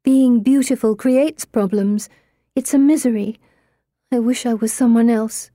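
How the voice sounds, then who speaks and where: A woman playing a whiny, high-voiced teenage girl. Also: fairly even intonation, unhurried, warm tone, dry recording, clean studio sound, lightly acted. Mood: plaintive.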